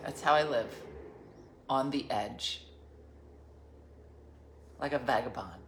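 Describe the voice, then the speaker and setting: A woman's voice: a bass voice, slow, long pauses, background noise. A woman host telling a rambling, jokey story in casual chat. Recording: roomy echo with faint ambience.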